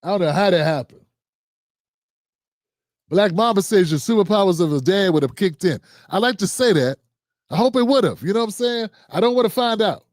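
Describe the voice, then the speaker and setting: A man's voice: sits high, expressive, a little fast, long pauses, no echo, studio quality. A man hosting a livestream show, reading out viewer comments and signing off in a loose, slangy, chatty way. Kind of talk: casual sign-off and comment shout-outs.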